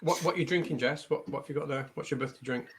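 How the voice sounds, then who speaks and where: A man's voice: medium pitch, racing, breathy edge. Wry man grumbling. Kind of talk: casual group video call chat.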